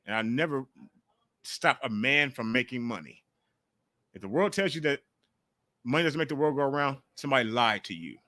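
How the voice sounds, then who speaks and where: Animated, profane male sports host. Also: medium pitch, moderate pace, long pauses, no room sound. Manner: animated, profane, jumps into mocking quotes. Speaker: call-in show host. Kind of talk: casual sports talk livestream.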